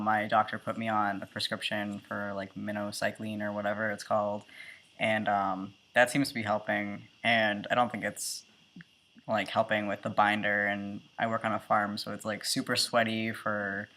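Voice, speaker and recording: Young man, gravelly low voice. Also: pushed and bright. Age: 20s. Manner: chatty, many ums and likes. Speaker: vlogger. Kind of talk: casual video diary.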